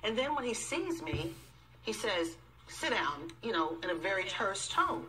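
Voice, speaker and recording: A woman who is a guest on a talk show, recounting an exchange in a measured way. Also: mid-range voice, sing-song, pushed and bright, poor audio.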